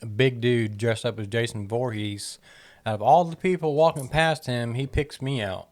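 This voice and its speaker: A man's voice: mid-range voice, moderate pace. Man, podcast host, casual chat, dry wisecracks.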